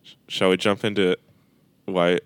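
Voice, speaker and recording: A man's voice: deep voice, little pitch movement, measured pace, slight background noise. A man co-hosting a podcast, chatting casually in an easygoing, joking way. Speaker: podcast co-host. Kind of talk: casual chat.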